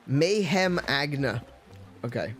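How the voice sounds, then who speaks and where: A man's voice: mid-range voice, expressive, slow pace, a bit bright, faint music behind. A man casually commenting as he plays a video game, musing aloud and correcting himself as he goes. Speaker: let's play host.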